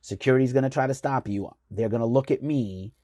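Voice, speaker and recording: A man's voice: mid-range voice, brisk, dark tone, no room sound, clean studio sound, pitched above the performer's own voice, natural voice. A man voicing a chatty, eager male personal assistant to a rock star, friendly and confiding as he retells the encounter in an anecdote. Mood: instructing.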